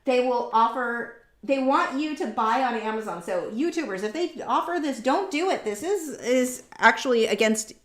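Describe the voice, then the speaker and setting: A woman's voice: fairly high pitch, expressive, moderate pace. A woman hosting a casual art livestream, rambling chattily and reading out viewer comments. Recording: roomy echoey room.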